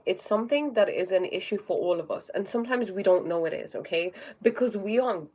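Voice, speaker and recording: A woman's voice: mid-range voice, darkish tone. Woman chatting on a spiritual livestream. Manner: often tags sentences with "okay?"; reads viewer comments aloud and greets them. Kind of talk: casual livestream talk.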